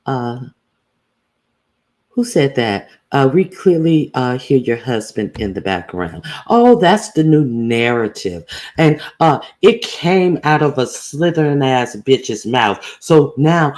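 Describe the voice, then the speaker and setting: A woman's voice: rumbling low, expressive, slow pace, a little mellow. A woman hosting a casual livestream, greeting viewers by name and talking bluntly with plenty of profanity. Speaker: livestream host.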